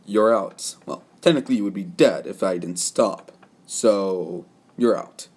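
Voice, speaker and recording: A man voicing a calm, cocky young male swordsman who speaks in a measured, quietly threatening way in a fan story. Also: low voice, slightly rough. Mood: menacing.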